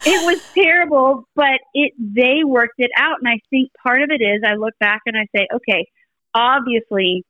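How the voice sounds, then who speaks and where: A middle-aged podcast guest shares family stories in casual conversation, bringing them to life by acting out the voices of family members. Her voice is a little high at a moderate pace, and the recording is muffled but free of echo.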